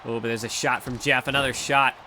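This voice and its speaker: A young man doing play-by-play commentary over a wrestling video game, excitable and rambling, often correcting himself mid-sentence. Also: mid-range voice, fairly quick.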